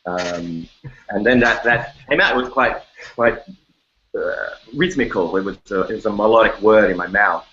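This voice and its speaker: Here a songwriter guest with an Australian accent speaks low at normal speed, the audio dull with a bit of background noise. Chatting casually in an interview from his bedroom, he's animated, jokes around, and bursts into snatches of song.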